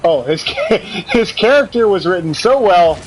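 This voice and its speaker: A man's voice: high voice, sing-song, unhurried, slight background noise, rough recording. A man co-hosting a casual gaming stream, chatty and sarcastic, laughing often. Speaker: podcast co-host.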